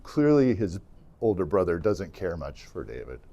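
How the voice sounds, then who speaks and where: A man's voice: sits low, moderate pace, muffled recording. A man teaching an adult church class, retelling stories casually and acting out the characters' lines. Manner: animated storytelling, acting out characters' lines with fillers.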